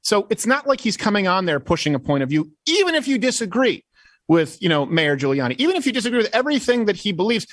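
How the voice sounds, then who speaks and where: A man's voice: sits high, sing-song, fast talker, fairly bright tone, no echo. A Canadian-raised man chatting as a guest commentator, sarcastic and full of restless restarts. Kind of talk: casual political chat.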